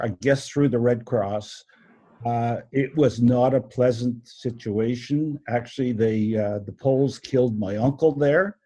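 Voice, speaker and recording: An older man in his seventies tells his family story slowly over a video call, pausing often and restarting his sentences. His voice sits on the dark, mellow side. The call audio is dull and lo-fi. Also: medium pitch. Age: 70s. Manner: halting, many fillers and restarts. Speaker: panel guest. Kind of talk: personal testimony on a video call.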